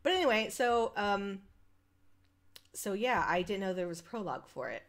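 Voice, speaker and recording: A woman's voice: medium pitch, very animated, normal speed. A young woman streaming a visual novel, chatting casually and reading the text aloud, rambling and laughing at herself. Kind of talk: casual let's-play chat and reading aloud.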